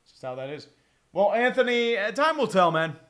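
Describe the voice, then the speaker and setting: Man, streamer, casual game commentary, excitable, profane, high pitch, bright tone. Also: brisk. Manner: excitable and profane, with mock play-by-play calls. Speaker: streamer hosting a game watch-along.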